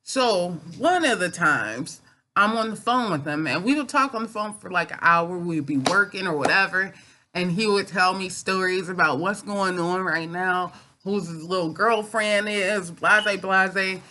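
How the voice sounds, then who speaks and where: A woman's voice: on the low side, measured pace, pushed and bright. A woman vlogger telling a personal story in a casual chat from home. She rambles and halts, with many fillers and restarts.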